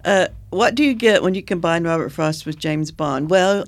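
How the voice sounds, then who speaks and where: A woman co-hosting a casual talk show, playful and animated. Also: fairly low pitch, dry recording. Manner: playful, animated, quick to laugh. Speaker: co-host. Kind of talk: casual radio show banter.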